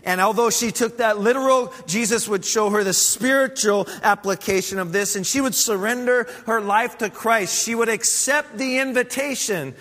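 A man preaching a sermon as pastor, earnest and measured, building his points with repeated phrases. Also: sits high, sharp tone, big-room sound.

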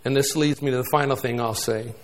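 Animated older man preaching. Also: mid-range voice, quick pace. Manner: animated preaching, swinging between loud emphasis and hushed asides. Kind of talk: sermon.

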